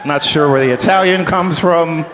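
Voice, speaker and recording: Crude, self-mocking stand-up comedian. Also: male voice, on the high side, normal speed, a crowd in the background. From US East Coast. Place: comedy club stage. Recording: echoey hall with background noise.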